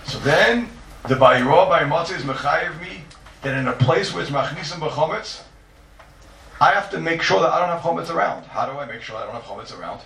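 A man's voice: fairly high pitch, expressive, brisk, a bit bright. A man teaching a Talmudic lecture, emphatic and repetitive, posing rhetorical questions and stressing his points. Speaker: Torah teacher. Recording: echoey room, distant mic.

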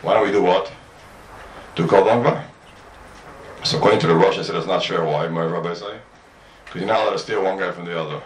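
A man's voice: low voice, fairly even intonation, brisk, pauses often, a little hiss or hum. A man teaching a Talmud class. He mixes English with Hebrew and Aramaic study terms and keeps firing rhetorical questions at his students. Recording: roomy echo, mic at a distance.

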